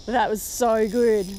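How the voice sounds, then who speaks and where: Australian woman, slightly high voice, unhurried chatty fishing commentary, outdoors. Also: slight background noise. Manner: chatty, talks to the fish, gets very excited. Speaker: fishing vlogger. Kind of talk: casual running commentary while fishing. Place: outdoors by the water in the rain.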